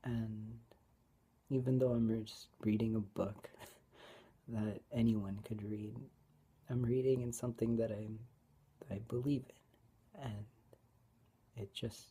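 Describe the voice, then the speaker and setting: Teary woman talking slow and halting, dark flat husky voice, keeps slipping into whispers. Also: a bass voice. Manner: halting, hesitant, with many restarts; soft-spoken, often drops to a whisper. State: tearful. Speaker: vlogger. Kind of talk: personal Bible reflection vlog.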